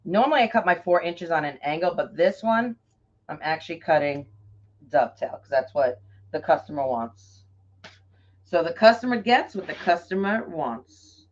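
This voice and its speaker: A middle-aged woman from New York with a New York accent, chatting warmly and effusively with viewers by name while crafting on a livestream. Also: fairly low pitch, lively intonation, moderate pace. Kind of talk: casual livestream chat while crafting bows. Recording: dull lo-fi livestream audio.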